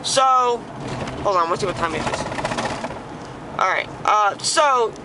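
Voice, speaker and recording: A young woman in a car, telling a story casually in an excited, profane, rambling way with many restarts. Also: medium pitch, takes it slowly, very noisy. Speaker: vlogger. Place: inside a car while driving.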